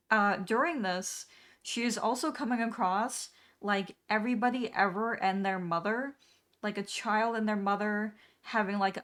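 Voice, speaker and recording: Young woman, streamer, unhurried pace, rambling casual recap, lots of filler words. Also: mid-range voice, a bit bright. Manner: rambling, full of "um" and "like", laughing at the plot.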